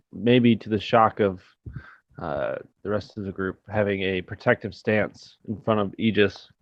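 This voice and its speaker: A man's voice: on the low side, slow, dry recording. A man tentatively describing his character's actions as a player in a tabletop game. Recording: dull, dry lo-fi mic.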